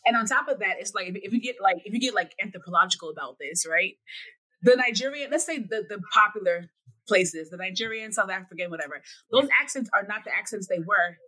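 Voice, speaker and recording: A woman co-hosting a casual podcast chat, talking in an animated, emphatic way. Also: mid-range voice, fast, slightly rough, poor audio. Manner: animated, emphatic, talks things through. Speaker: podcast co-host.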